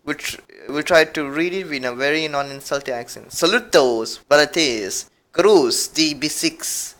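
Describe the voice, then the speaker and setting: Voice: medium pitch, a little slow, a bit bright. A podcast co-host chatting casually, giggling and rambling while reading aloud. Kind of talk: casual chat.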